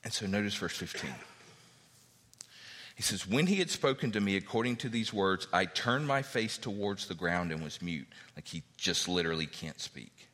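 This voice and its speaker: A man preaching a sermon, reading scripture aloud and acting out what the characters say in an animated way. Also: low-pitched, normal speed, in a large hall. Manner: animated, acts out biblical characters' speech.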